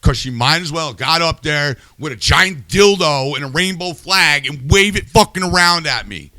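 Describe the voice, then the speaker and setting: A man's voice: a little high, animated, normal speed, bright, forceful tone, no room sound. A man hosting a podcast, ranting in a heated, profane, casual way. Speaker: podcast host.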